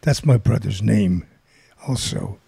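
A man's voice: on the low side, slow pace, creaky, breathy edge. An older man telling a long rambling anecdote in casual chat, acting out the voices of people in it. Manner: rambling, animated storytelling with quoted voices.

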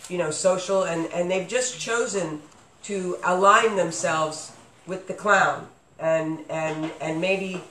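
A man's voice: sits high, steady tone, slow pace, pushed and bright. A man hosting a casual podcast chat, rambling with lots of fillers and restarts. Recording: echoey room with faint noise.

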